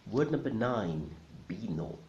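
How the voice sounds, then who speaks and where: Deep-voiced teacher, patient and repetitive, faint hiss behind. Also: male voice, big pitch swings, a little mellow. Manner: careful, repeats words slowly for learners. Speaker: Spanish teacher. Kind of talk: pronunciation lesson. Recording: roomy, slightly dull recording with faint hiss.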